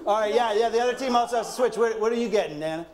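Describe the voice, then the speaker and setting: A man hosting a live comedy show, giving loose, halting instructions with chuckles. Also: sits high, crowd noise. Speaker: game show host. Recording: echoey room with loud live audience.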